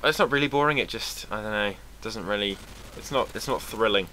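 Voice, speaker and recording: Bright-voiced young British man rambling. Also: lowish voice, brisk, slight background noise. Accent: British English. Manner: rambling, sarcastic, swears freely. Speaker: vlogger. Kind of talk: casual rambling monologue.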